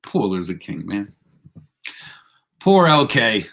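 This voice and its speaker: A man's voice: mid-range voice, expressive, takes it slowly, long pauses, pushed and bright. A man hosting a casual live stream, laid-back and rambling, laughing often as he chats with viewers. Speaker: livestream host.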